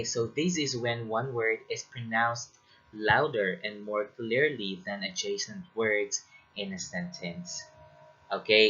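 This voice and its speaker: A man teaching as a lecturer in a deliberate way, often checking in with the listener. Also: lowish voice, bright, forceful tone, husky, muffled recording. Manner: slow and deliberate, checking in with "okay?". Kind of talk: recorded lecture.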